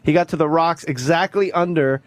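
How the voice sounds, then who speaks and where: A man guesting on a radio talk show, telling animated, swear-filled comic stories. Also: fairly high pitch, moderate pace, no echo. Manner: animated, swearing, acts out quoted voices. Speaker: comedian guest. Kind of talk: profane comic storytelling. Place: radio studio.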